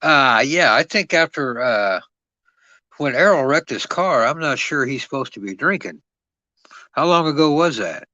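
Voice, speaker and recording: A man's voice: mid-range voice, expressive, unhurried, pushed and bright, no room sound, muffled recording. A man co-hosting a casual live stream, easygoing and thinking aloud with questions. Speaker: co-host.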